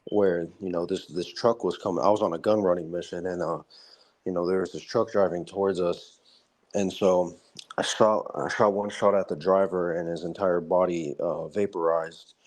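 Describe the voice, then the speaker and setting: A man imitating a composed male ex-soldier with a lowered, steady voice. He recounts gruesome battlefield moments completely nonchalantly, in a flat, unhurried drawl, as if they were ordinary. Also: lightly acted. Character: calm male ex-soldier telling grisly war stories.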